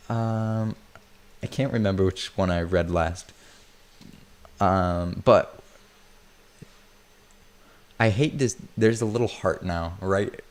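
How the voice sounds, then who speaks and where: A man casually chatting on a livestream while he works on a build, rambling and joking at his own expense. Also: low voice. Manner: rambling, self-mocking, chuckles often.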